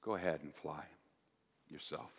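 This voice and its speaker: A man's voice: extremely low pitch, moderate pace, breathy edge, in a large hall, pitched below the performer's own voice. A man doing lazy stubborn pond turtles. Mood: dismissive. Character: content, stubborn pond turtles refusing to fly.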